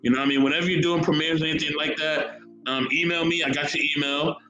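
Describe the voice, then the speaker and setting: A man's voice: fairly high pitch, fast, reverberant, dull audio, a loud crowd. A man hosting a casual podcast, chatting and reading history aloud, often repeating his words. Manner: animated, repeats words, reads chat comments aloud. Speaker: podcast host.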